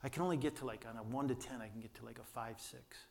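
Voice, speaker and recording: An older man preaching a sermon, telling a story earnestly with restarts and quiet asides, his voice held back by vocal cord damage. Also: mid-range voice, fast, creaky, a little hiss or hum. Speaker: pastor.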